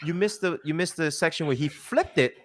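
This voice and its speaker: A man with a fairly high voice tears into a rant, swearing freely and stressing his points hard. He mimics the people he criticizes in mocking quoted asides. His tone stays emphatic and combative throughout. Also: brisk, a bit bright. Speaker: commentator. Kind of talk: heated commentary rant.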